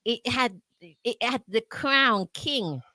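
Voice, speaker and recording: A woman's voice: a little high, animated, slow, bright, forceful tone, no room sound. A woman from South London hosting a radio interview, chatty and playful, laughing often, with a South London accent. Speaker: radio show host. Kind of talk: casual interview chat.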